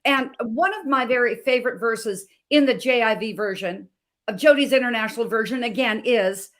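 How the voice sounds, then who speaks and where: Middle-aged woman health coach from Montana, higher-pitched, fervent and dramatic storyteller. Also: normal speed. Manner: fervent, dramatic, shifts from hushed to emphatic. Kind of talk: emotional personal storytelling. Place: video call.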